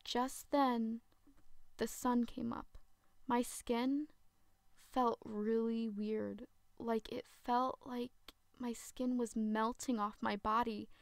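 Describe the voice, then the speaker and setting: A woman narrating a first-person horror story in a dramatic, slow storytelling way. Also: on the high side, a little mellow, dry recording.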